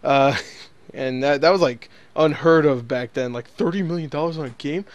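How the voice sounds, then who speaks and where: A man hosting a podcast talks in loose, rambling casual chat, laughing and swearing as he goes. His voice sits fairly high and sounds smooth and clear. The sound is dry and close. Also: normal speed, no room sound, dull audio. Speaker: podcast host.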